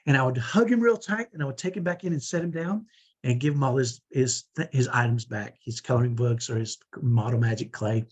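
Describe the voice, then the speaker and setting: A middle-aged man giving a conversational teaching talk to parents, often checking in with a quick "right?" as he makes his points. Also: medium pitch, husky, dull audio. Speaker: parent coach.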